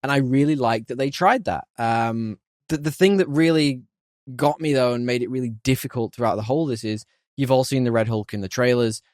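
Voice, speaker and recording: Animated man reviewing a film. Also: mid-range voice, a little fast, no room sound, studio quality. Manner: animated, opinionated, laughs often. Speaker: podcast host. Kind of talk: casual film review chat.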